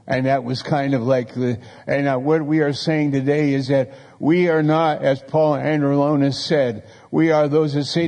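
A man delivers a sermon, moving between scripture and personal stories in an easy, conversational style. His voice is dark and gravelly. It carries a long reverb, as if he is speaking in a big hall. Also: mid-range voice, little pitch movement, normal speed, few pauses. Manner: storytelling, conversational preaching with acted quotes. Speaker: pastor.

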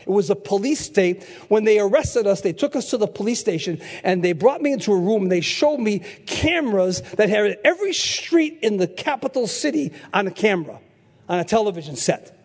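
A man in his sixties preaching a sermon, telling stories in an animated way and shouting for emphasis, with a husky voice. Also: sits high, fairly quick. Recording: echoey hall.

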